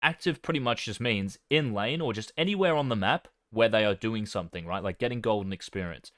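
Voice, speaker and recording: Low-voiced man coaching over gameplay. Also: brisk, fairly bright tone, no room sound, clean studio sound. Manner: swears casually, self-deprecating. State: talking with his mouth full. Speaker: jungle coach reviewing his gameplay. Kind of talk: casual gameplay commentary.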